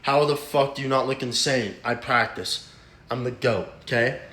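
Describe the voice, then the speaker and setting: A man's voice: medium pitch, normal speed, sharp tone, slight background noise. Profane young man rambling through a story. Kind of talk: casual storytime. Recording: roomy echo.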